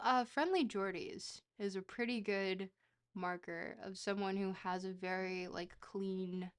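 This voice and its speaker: A woman's voice: mid-range voice, clear, resonant tone. Jokey woman streamer rambling. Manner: rambling, jokey, swears casually. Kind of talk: casual livestream chat while playing a geography game.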